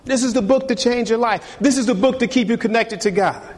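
Animated pastor preaching in a reverberant hall. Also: male voice, very high-pitched, brisk. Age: middle-aged. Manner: animated, teasing, calls for amen. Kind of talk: sermon. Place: church sanctuary.

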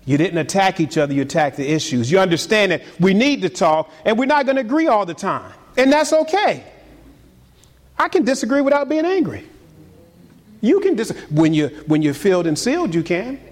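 Pastor, male, high voice, animated sermon delivery, repeats words for emphasis. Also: fairly quick.

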